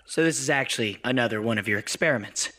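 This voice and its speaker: A fed-up young assistant who pushes back. His voice is bright and forceful, mid-pitched, with an edge of weary disbelief. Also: fast. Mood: exasperated. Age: young adult. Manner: exasperated, wary. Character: exasperated young male assistant.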